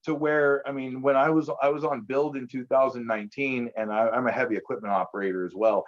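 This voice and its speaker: A man chatting casually as an interview guest, telling lively stories and acting out the voices of the people in them. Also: medium pitch, fast, lo-fi sound. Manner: animated storyteller who acts out quoted voices. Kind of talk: casual storytelling chat.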